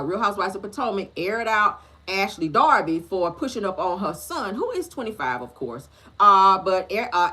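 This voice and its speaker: A woman hosting a casual celebrity gossip show, talking in a sassy, slangy, animated way with a husky voice. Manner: animated, sassy, slangy, lively pitch swings.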